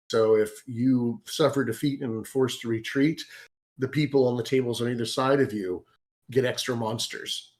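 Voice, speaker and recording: A man in casual interview chat, explaining game design with enthusiastic, animated storytelling and some hesitations. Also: mid-range voice. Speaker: guest, game author and designer.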